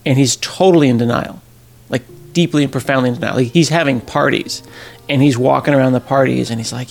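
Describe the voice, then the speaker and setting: A middle-aged man, a podcast host, telling a personal story in a casual, animated way and acting out the people he quotes. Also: medium pitch, a little fast, creaky, faint music behind. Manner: animated, acts out quoted voices, laughs at himself.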